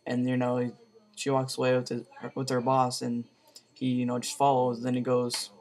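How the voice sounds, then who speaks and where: A man's voice: medium pitch, monotone, normal speed, darkish tone. A man giving a casual video movie review, rambling with lots of fillers and slang.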